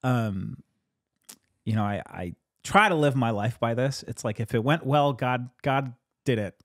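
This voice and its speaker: Chatting about his sermon at a slightly slow pace, a pastor tells it with animated flair, laughing often and jumping higher in pitch for quotations. The recording is dry and studio quality.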